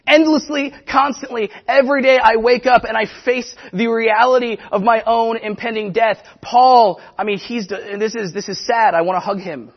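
A man preaching a casual, animated sermon to a congregation, talking conversationally with quick asides. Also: very high-pitched, dull audio. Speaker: pastor.

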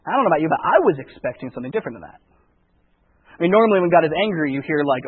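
A man's voice: a little high, animated, rapid-fire, breathy edge. A man preaching a conversational sermon, often repeating words as he thinks it through. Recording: tinny phone-like radio broadcast.

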